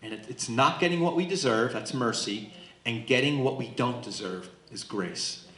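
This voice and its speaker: A man's voice: mid-range voice, moderate pace, fairly bright tone. Emphatic man teaching Bible study, roomy echo. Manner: emphatic, asks listeners questions. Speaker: pastor leading Bible study. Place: church room.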